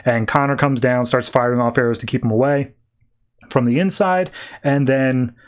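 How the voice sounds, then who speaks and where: A man hosting a podcast, casually recapping and reviewing a comic book with an animated delivery. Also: mid-range voice, normal speed. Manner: animated retelling, acting out characters loosely. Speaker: podcast host.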